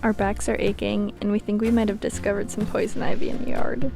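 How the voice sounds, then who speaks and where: A woman from New England giving a calm, reflective scripted voice-over for a vlog. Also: medium pitch, fairly quick, vocal fry. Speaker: vlog narrator. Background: background music.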